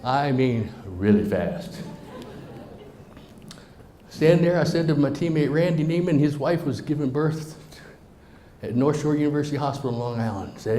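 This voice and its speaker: A middle-aged man gives a storytelling speech to a live audience in a meeting room. He swings between emphatic lines and hushed, near-whispered asides. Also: on the high side, animated, normal speed, pauses often, a little hiss or hum. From Southern United States. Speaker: motivational speaker.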